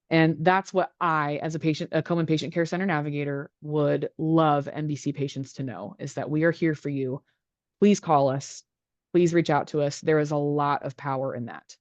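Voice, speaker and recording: A woman's voice: sits low, fairly even intonation, normal speed, no room sound, lo-fi sound. A woman working as a patient navigator, speaking on a video call in a reassuring way. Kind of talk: earnest advice.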